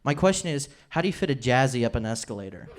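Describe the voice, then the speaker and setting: A man's voice: medium pitch, sing-song, fast, slight background noise. A man in his twenties doing a rambling, self-deprecating stand-up routine on a comedy club stage. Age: 20s.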